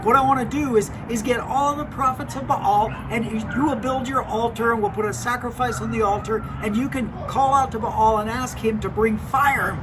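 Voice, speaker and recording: A man doing a confident old-time prophet who mocks his rivals and calls out boldly. His voice sits high for a man, and it is told in a children's storybook way. Outdoor noise runs clearly underneath. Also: steady tone, normal speed, few pauses, far from the mic. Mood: proposing. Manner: loud, mocking taunts. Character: bold male prophet, confident and teasing. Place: outdoors by a fire pit. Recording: noisy outdoor recording.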